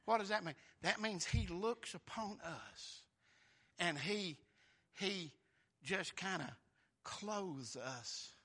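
A male pastor preaching a sermon, swinging from quiet asides to shouted praise and calling out to the congregation. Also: high-pitched, slightly rough.

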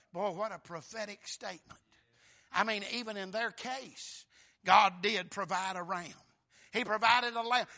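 A man preaching a sermon, breaking into shouts, calling out amen and brother and quoting scripture in old wording. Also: high voice, gravelly. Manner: fervent preaching, bursts into shouts on key lines.

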